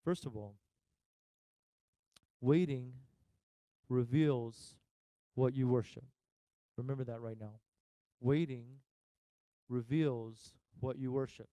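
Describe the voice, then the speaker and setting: A man preaching a sermon as pastor, talking straight to his listeners, asking them questions and pausing for effect. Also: medium pitch, dark tone, dry recording, low-quality recording. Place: church.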